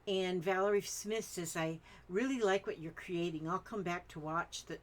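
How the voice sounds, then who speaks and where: A woman's voice: fairly low pitch, normal speed. An older woman hosting her craft channel, reading viewer comments aloud and chatting in rambling asides.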